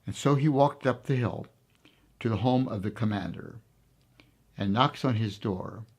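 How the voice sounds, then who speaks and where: A man being interviewed, telling a story in a reflective, hesitant way with many pauses and fillers. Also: on the low side, creaky, breathy edge.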